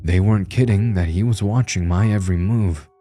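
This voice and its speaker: Deep-voiced man narrating a horror story. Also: brisk, dark tone, soft background music. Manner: tense, grim storytelling.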